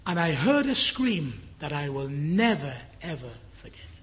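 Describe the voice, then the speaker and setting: An older English preacher delivers a sermon with a husky, slightly breathy voice that sits a little high for a man. He speaks earnestly and often sinks into a hushed, whispered tone. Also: big pitch swings, unhurried. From England. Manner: earnest, drops to a hushed whisper for the dying man's words. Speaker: guest preacher. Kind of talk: sermon with a personal story.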